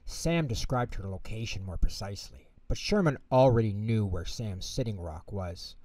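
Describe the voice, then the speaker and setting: A man narrating a bedtime story in an expressive, measured way. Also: fairly low pitch, dry recording, distant mic. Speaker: storyteller host.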